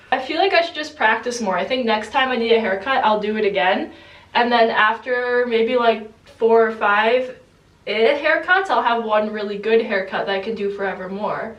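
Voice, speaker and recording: A woman's voice: on the high side, a bit bright, recorded from a distance, lo-fi sound. Stuffy young woman vlogging, chatty. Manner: chatty, rambling, self-deprecating. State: stuffy from a cold. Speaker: crochet vlogger. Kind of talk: casual vlog narration.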